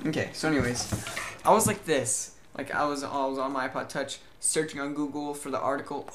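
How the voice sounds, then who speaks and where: A young man from Southern California chatting casually to camera in a rambling, animated vlog about his day. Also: mid-range voice, brisk, slight background noise. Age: young adult. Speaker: vlogger.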